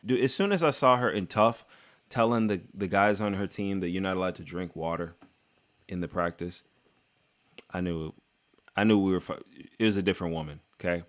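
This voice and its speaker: A man giving a casual, excitable fight recap on his channel, joking and talking in slang. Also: low-pitched, a little fast, pauses often. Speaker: MMA YouTuber.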